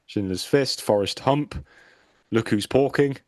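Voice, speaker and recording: A man's voice: mid-range voice, measured pace, dry recording, studio quality. A man in his thirties co-hosting a gaming podcast, cheekily running a quiz round in casual banter. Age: 30s. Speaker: podcast co-host.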